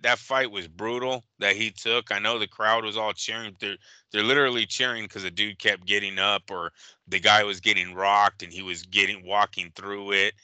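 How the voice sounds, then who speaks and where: A man's voice: fairly low pitch, pushed and bright, smooth, no echo, rough recording. A man co-hosting a boxing podcast, giving emphatic, profane fight analysis in casual chat. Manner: emphatic, profane, rapid-fire opinions.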